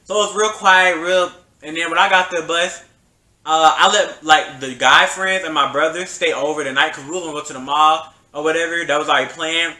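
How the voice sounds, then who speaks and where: A young man vlogging a storytime, talking in an animated, slangy and emphatic way. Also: fairly high pitch, brisk, reverberant. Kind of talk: storytime vlog.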